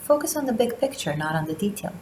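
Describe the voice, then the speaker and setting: A woman tarot reader giving a spiritual monthly reading, speaking slowly and deliberately with long pauses. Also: mid-range voice, very animated, darkish tone, reverberant, slight background noise, rough recording. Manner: slow, deliberate delivery with drawn-out pauses.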